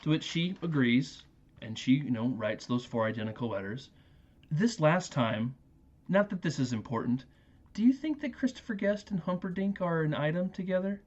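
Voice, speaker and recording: A man's voice: fairly high pitch, expressive, moderate pace, darkish tone. Male podcast host, casual laughing film recap, lo-fi dull audio. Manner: laughing, acts out movie quotes.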